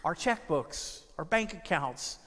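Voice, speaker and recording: A male pastor with a high voice delivers a sermon in a church sanctuary. He speaks in measured phrases and lets words stretch out, and a long reverb trails each line. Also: expressive, fairly bright tone. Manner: measured preaching with drawn-out phrases.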